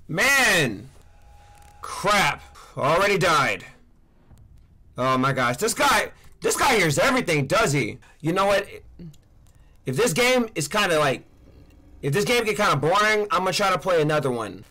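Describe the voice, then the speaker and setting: Young male gamer, high, lively and bright, shouts and trash-talks through horror game commentary. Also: slow, long pauses. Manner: excitable, yelling at the screen, trash-talking. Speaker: gaming YouTuber. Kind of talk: let's play commentary.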